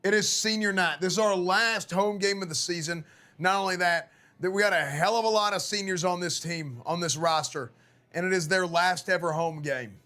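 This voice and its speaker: A hoarse man on a live gaming stream, rallying like a coach in a loud, profane pep talk. His voice sits high and sharp, with a forceful edge. The rasp of a worn-out voice runs through every line. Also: normal speed. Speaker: streamer playing a football coach.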